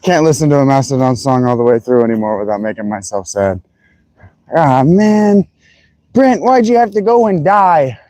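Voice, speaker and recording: A man's voice: medium pitch, lively intonation, moderate pace, dark tone, no echo, low-quality recording. A man streaming, chatting casually and loosely, swearing as he muses aloud. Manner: loose and profane, musing aloud. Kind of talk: casual chat.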